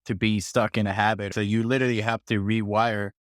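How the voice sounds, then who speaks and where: A man's voice: on the low side, brisk, dry recording, studio quality. A man co-hosting a podcast, talking casually and agreeably with many fillers. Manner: relaxed, agreeable, uses fillers like "you know" and "like". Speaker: podcast co-host.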